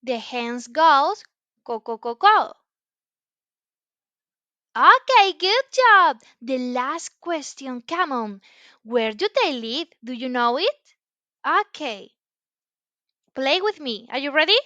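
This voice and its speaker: A woman teaching a children's English lesson in a slow, exaggerated, encouraging sing-song way, with frequent praise. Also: high-pitched, animated, bright, forceful tone, no room sound, muffled recording. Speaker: English teacher for young learners.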